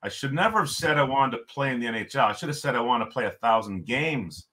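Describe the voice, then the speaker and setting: A middle-aged man, a podcast guest, telling a story in a lively way and chuckling often. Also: mid-range voice, fast talker. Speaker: podcast guest, former hockey coach. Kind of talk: storytelling in conversation.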